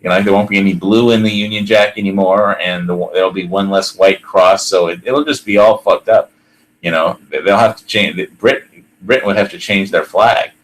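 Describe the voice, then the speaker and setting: Low-voiced rambling male podcast host. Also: steady tone, fairly quick, rough recording. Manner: rambling, full of fillers and restarts; laughs often while talking. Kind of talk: casual chat.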